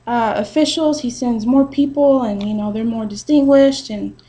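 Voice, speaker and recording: A woman's voice: on the high side, normal speed, dark tone, poor audio. A woman teaching a Bible story to a group in a chatty, casual way, full of fillers and "he's like".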